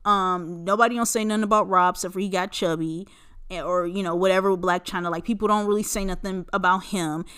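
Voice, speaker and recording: A woman's voice: on the low side, steady tone, fast talker, a bit bright, clear, resonant tone. A woman in her forties hosting a casual solo podcast, talking in a blunt, profane, rambling way with lots of fillers. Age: 40s. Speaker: podcast host.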